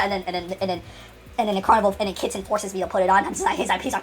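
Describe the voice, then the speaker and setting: A woman's voice: mid-range voice, steady tone, very fast, a bit bright. A woman telling an unscripted comedic story, rambling with many restarts and laughs.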